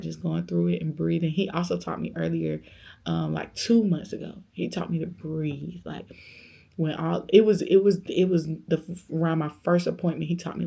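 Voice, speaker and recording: Young woman vlogger, lower register, a bit of fry, casual animated storytelling. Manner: animated storyteller, acts out quoted voices; faith-filled, speaks of God, conversational. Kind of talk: storytime vlog, casual chat.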